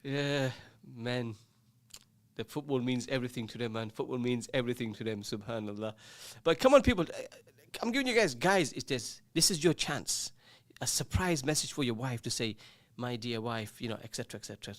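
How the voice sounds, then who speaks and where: Male radio host, joshing and chatty, dry close studio sound, mid pitch. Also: lively intonation, a little fast, dry recording. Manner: jokey, teasing, reads out listener messages. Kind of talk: casual call-in radio chat.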